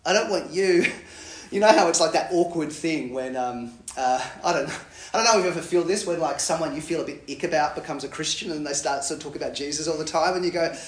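A man giving a Bible teaching talk in a lively way, acting out quoted lines with big jumps in pitch. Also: quick pace. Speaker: preacher. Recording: echoey room.

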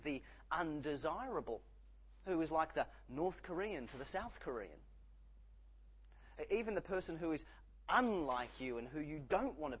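Male preacher, husky, highly animated delivery. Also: poor audio. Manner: animated, acts out quoted voices. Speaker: pastor. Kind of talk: sermon.

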